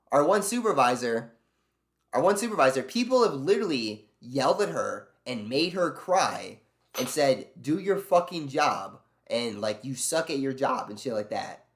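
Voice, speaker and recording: A man streaming live, ranting in casual chat with lots of swearing and sarcasm while answering his chat. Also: a little high. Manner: ranting, profane, sarcastic storytelling; reads and answers chat messages aloud.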